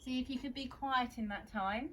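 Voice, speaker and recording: Gentle woman leading kids' yoga. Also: high-pitched, normal speed, a little hiss or hum. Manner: gentle, encouraging, instructive. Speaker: kids yoga teacher. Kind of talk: guiding a children's yoga class.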